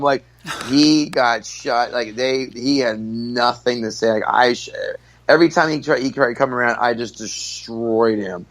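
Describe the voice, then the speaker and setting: Telling stories as a podcast guest, this comedian is brash and rapid-fire, loud and profane throughout the casual chat. He speaks at a medium pitch.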